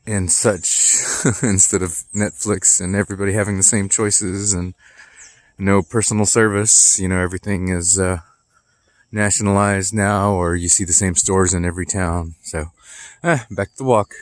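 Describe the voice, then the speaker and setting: Low-voiced man rambling on a walk. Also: fairly even intonation, moderate pace, dry recording. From Texas. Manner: rambling, nostalgic and chatty with many fillers. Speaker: vlogger. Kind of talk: casual walking vlog. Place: outdoors walking through a neighborhood. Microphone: phone camera held while walking.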